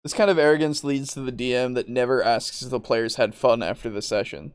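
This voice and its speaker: A man's voice: medium pitch, brisk, smooth, no room sound, studio quality. A man hosting a podcast, ranting in exasperation, swearing often and laughing mid-sentence. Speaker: podcast host.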